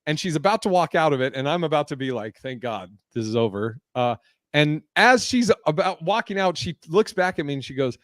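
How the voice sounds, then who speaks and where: Animated, swearing man telling a story. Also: on the high side, fairly quick, no echo, studio quality. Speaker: podcast co-host telling a story. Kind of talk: casual storytelling chat.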